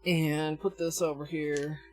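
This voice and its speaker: A woman's voice: deep voice, flat delivery, takes it slowly, music in the background. A woman with a Minnesotan accent chatting casually on a livestream, thinking aloud as she demonstrates and answers her chat with frequent chuckles. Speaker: nail art livestreamer.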